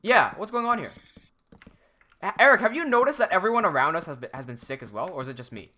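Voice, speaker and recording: A man's voice: sits high, lively intonation, fast, bright, forceful tone. A young adult man chatting casually on a live stream while gaming, rambling and often cutting himself off. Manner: rambling, self-interrupting, reads chat aloud.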